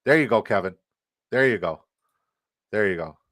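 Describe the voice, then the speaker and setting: Brief: lower-pitched male streamer, profane and hyped, reading and answering chat. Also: lively intonation, moderate pace, fairly bright tone. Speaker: fantasy football streamer. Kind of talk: casual live stream chat.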